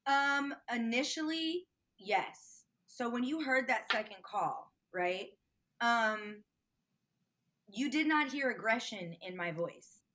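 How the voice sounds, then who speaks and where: Bright, higher-voiced woman telling her story. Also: slow pace. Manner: animated storyteller, swears freely. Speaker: interview guest. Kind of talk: candid retelling of a phone call.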